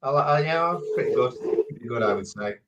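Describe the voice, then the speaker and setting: A man's voice: mid-range voice, expressive, moderate pace, lo-fi sound, background noise. A man co-hosting a fan football channel, easygoing and teasing, laughing along in casual chat.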